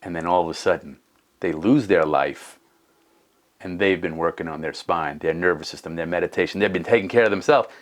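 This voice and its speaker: Deep-voiced earnest man in his fifties. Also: a little fast. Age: 50s. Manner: earnest, thinking aloud with restarts. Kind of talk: casual conversation.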